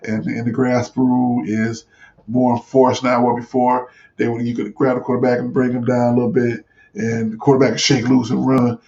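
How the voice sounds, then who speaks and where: A man's voice: medium pitch, monotone, normal speed, a little mellow. A man hosting a sports talk show, giving casual, rambling commentary with many fillers and restarts. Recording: dull lo-fi recording.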